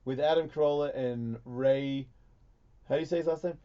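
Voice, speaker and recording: A man's voice: mid-range voice, fairly even intonation, moderate pace, clear, resonant tone, highs cut off. A man hosting a radio talk show, rambling and swearing through crude banter. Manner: profane, rambling, loud bursts of laughter.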